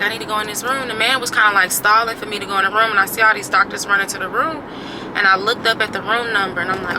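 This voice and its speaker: A woman's voice: medium pitch, background noise. A woman vlogging casually from her car, telling a personal story with candid, profane talk and a sore throat. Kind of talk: casual confessional vlog.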